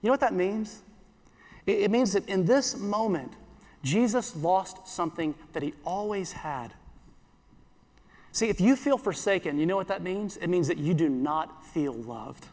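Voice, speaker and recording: A pastor giving an earnest sermon in church, repeating phrases and slowing down for scripture. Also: male voice, high-pitched, lively intonation, darkish tone, big-room sound.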